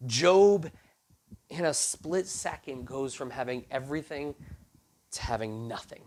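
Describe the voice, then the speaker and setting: Speaking in a mid-range voice at a slightly slow pace, this youth pastor casually retells a Bible story to a youth group. He's animated, voicing the characters' quoted lines with laid-back slang.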